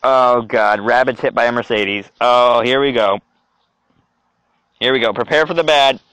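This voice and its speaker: A young man giving reaction commentary as a video creator, animated and exclaiming to himself. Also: medium pitch, unhurried, clear, resonant tone, no echo. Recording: dull lo-fi dry recording.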